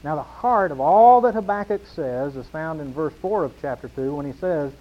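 Pastor, male, slightly high voice, emphatic repeating cadence, dull lo-fi recording. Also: lively intonation, moderate pace. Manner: emphatic, repetitive preaching cadence. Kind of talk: sermon.

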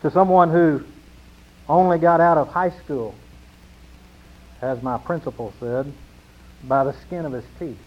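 A man's voice: on the high side, measured pace, long pauses. Emphatic preaching man, muffled recording. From New Mexico, USA. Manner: emphatic preaching with rhetorical repetition, swinging between loud and hushed. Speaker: pastor. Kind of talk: sermon.

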